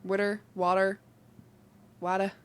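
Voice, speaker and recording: A woman's voice: mid-range voice, flat delivery, measured pace, clear, resonant tone. A young woman with a New Jersey accent, co-hosting a podcast in casual chat. She is chatty and giggly, and she acts out the dialogue she quotes. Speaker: podcast co-host.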